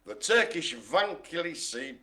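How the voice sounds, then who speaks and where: A man's voice: a little high, lively intonation, a little slow, pushed and bright. A man hosting a live online bingo game, chatty and jokey, full of puns and asides. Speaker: bingo host.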